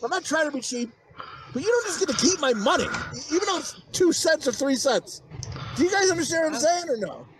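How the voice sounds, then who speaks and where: A man's voice: very high voice, big pitch swings, brisk, noisy background. A man on a casual podcast, ranting profanely through a story and laughing often. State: has high blood pressure. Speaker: podcast co-host. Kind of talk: casual chat.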